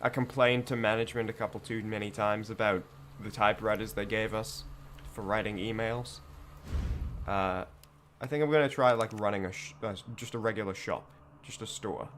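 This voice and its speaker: Over game music, a man streams a game in a groggy morning voice, rambling and joking as he plays. His pitch is fairly low and his intonation fairly even, with a fairly bright tone at normal speed.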